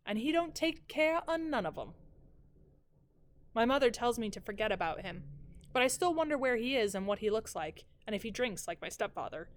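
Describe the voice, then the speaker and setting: A woman teacher reading the first chapter of a novel aloud in measured, even storytelling. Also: mid-range voice.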